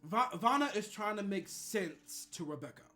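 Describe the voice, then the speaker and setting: A man streaming, telling a gossipy story in a casual, animated way and acting out other people's voices. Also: high-pitched, moderate pace, soft background music.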